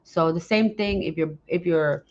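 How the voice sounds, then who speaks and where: Speaking at a moderate pace in a voice on the low side, a woman hosts an unscripted, casual podcast, addressing listeners earnestly and putting questions straight to them. She frequently stops mid-sentence and starts over, and the audio sounds dull.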